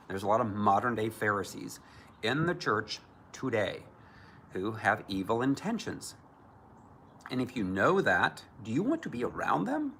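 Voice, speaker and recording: A man's voice: lowish voice, vocal fry, fairly bright tone, slight background noise. A man preaching as a Christian minister, emphatic and often mocking others in put-on voices. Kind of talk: preaching to camera.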